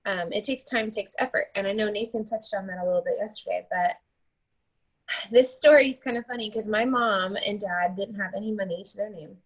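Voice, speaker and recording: A woman's voice: medium pitch, fairly quick, slightly rough, low-quality recording. A woman in her thirties tells a motivational story in a chatty way, often tagging her points with "right?" and "like". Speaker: team leader giving a motivational talk.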